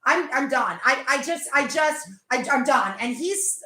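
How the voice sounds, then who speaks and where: High lively woman host gabbing on a stream, all over the place, echoey room. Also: unhurried, few pauses. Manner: animated, rambling, exasperated. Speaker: livestream host. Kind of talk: casual livestream chat.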